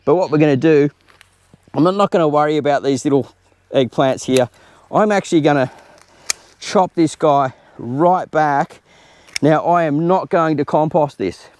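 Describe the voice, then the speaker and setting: A man's voice: a little high, a little slow, a little mellow, a little hiss or hum. An Australian man chatting informally while working in his garden, explaining as he goes in a casual gardening tutorial. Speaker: home gardener host. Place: outdoor home garden.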